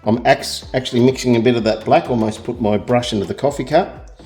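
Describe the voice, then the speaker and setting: A middle-aged Australian man giving a relaxed, rambling painting lesson, talking as he works and joking at his own expense. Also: mid-range voice, fairly quick, faint music behind. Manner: rambling, self-deprecating, chatty. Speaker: art tutor. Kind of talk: real-time painting tutorial.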